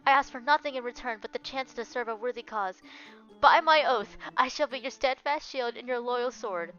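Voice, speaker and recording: A solemn young lady knight swears loyalty in stiff, archaic phrases, her voice high and bright, as a woman puts her on for a game. The sound is dull and lo-fi, with faint music underneath. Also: normal speed, clear, resonant tone, close to an everyday voice. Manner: formal, archaic oath-swearing speech. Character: solemn devoted young female knight in armor.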